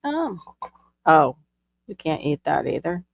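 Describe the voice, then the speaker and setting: A woman's voice: deep voice, very animated, takes it slowly, vocal fry, lo-fi sound. A woman hosting a live stream, chatting casually and bubbly, laughing easily. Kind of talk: casual chat.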